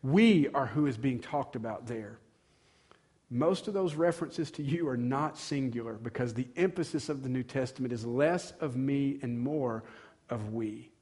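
A man's voice: medium pitch, moderate pace, darkish tone, husky. A male pastor, preaching an earnest sermon that builds to emphatic passages.

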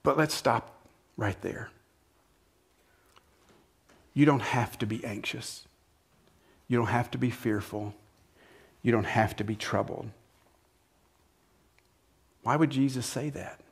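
A man preaching a sermon in a conversational way, asking the listeners questions and acting out lines with sudden shifts between loud and soft. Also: mid-range voice, takes it slowly, gravelly, pauses often, husky. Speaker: pastor.

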